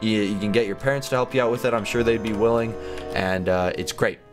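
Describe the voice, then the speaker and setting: A young man giving casual, goofy commentary while playing a game, chatty and quick to laugh and react. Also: lowish voice, steady tone, music in the background. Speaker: gaming YouTuber.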